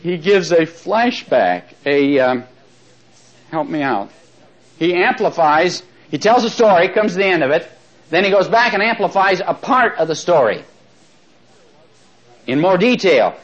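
Man, Bible study teacher, chatty with chuckles, lively pitch, slows down to read verses, dull lo-fi audio. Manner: slows right down when reading verses aloud. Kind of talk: Bible study lecture to a live class. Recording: dull lo-fi recording.

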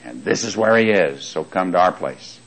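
Male preacher, sermon, animated pitch, rhetorical questions, repeats for emphasis, reads scripture. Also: moderate pace, rough recording. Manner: reads scripture aloud in King James wording.

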